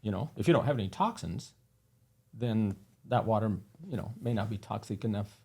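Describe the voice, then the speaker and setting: A man's voice: lowish voice, animated, moderate pace, vocal fry, mellow, breathy edge. A man guesting on an interview, telling earnest anecdotes with many fillers. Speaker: guest, company founder. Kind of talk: casual interview storytelling.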